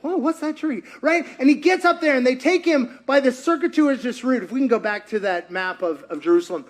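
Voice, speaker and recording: Guy preaching, kinda high voice, acts out all the characters, chatty. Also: a little fast. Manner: acts out quotes in character voices, lively and conversational. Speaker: pastor. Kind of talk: animated sermon storytelling.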